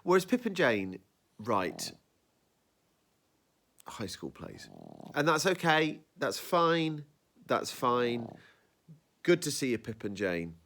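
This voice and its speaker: A man hosting a casual review podcast, animated and rambling, often breaking off mid-sentence. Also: medium pitch, takes it slowly, long pauses. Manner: animated, rambling, self-interrupting. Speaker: podcast host.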